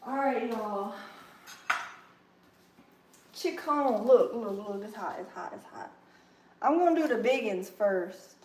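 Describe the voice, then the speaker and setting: A woman with a Kentucky accent cooks in her home kitchen on a livestream, chatting casually with viewers and laughing often as a pan sizzles. Her voice is on the high side and animated, slow with frequent pauses, over background noise.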